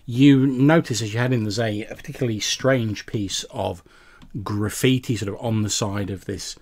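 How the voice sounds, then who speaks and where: A man's voice: fairly low pitch, vocal fry. A man narrating a tabletop role-playing game as game master, describing scenes with frequent small restarts.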